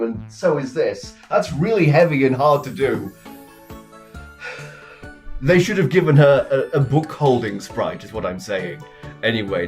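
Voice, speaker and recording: A man's voice: mid-range voice, darkish tone. A man giving rambling, self-mocking commentary on a game he is playing. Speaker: gaming video host. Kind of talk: let's play commentary.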